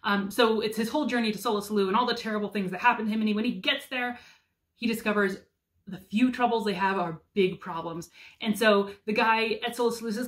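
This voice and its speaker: A woman's voice: a little high, steady tone, quick pace. A woman in her thirties chatting casually about favorite picture books, enthusiastic with frequent ums. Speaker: homeschool mom reviewing picture books. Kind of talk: casual book recommendations.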